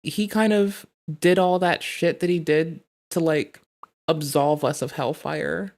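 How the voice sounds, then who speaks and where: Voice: medium pitch, fairly even intonation, slow pace, darkish tone. A streamer chatting casually on a live stream, rambling and swearing through comic stories. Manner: rambling, profane, comic storytelling. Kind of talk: casual chat.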